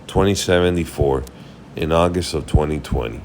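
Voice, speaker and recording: Casting: weary male host, very low voice, loose unscripted market chat, faint hiss. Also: animated, measured pace. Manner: rambling, thinks aloud while checking charts. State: tired, yawning. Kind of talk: casual market recap.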